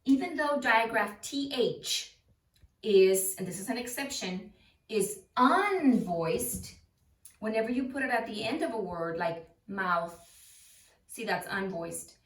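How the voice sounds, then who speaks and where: A woman teaching a phonics lesson, who repeats sounds and words slowly to show how they are said. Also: mid-range voice, lively intonation, distant mic. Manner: slow, repeats sounds to demonstrate them. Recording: roomy, voice from off the mic.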